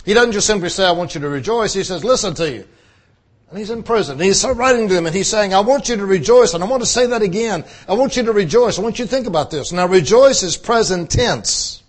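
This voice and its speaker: A man's voice: sits high, lively intonation, quick pace. A male pastor preaching a conversational sermon, repeating phrases for emphasis.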